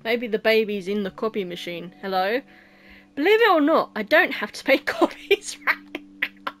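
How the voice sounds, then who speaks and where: A young woman commenting on a horror game as she plays, full of sarcastic jokes and giggles. Her voice sits a little high and swings about a lot. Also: lively intonation, normal speed, fairly bright tone. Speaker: let's play host.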